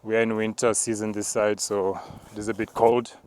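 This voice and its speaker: A low-voiced man narrates a spiritual walk as he climbs a mountain path outdoors. He talks calmly and in a measured way, and now and then breaks into tongues. His voice stays fairly level, with little rise and fall. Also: a little hiss or hum. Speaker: apostle.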